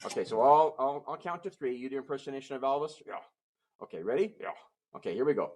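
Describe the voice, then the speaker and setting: A man's voice: medium pitch, animated, fast, darkish tone. A man performing as a musical ventriloquist, patiently explaining things to young audiences between puppet bits. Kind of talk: ventriloquist show patter.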